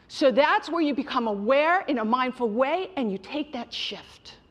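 A woman's voice: high-pitched, animated, moderate pace. Emphatic woman giving a mindfulness talk. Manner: direct, emphatic, addresses listeners as you guys. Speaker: mindfulness speaker. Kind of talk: motivational talk to an audience.

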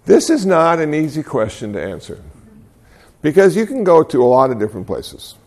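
An older man giving a dharma talk, telling stories in a gently humorous, reflective way and laughing at himself. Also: fairly high pitch, very animated. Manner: gently humorous storytelling with self-deprecating chuckles; reflective, unhurried. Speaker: Buddhist speaker.

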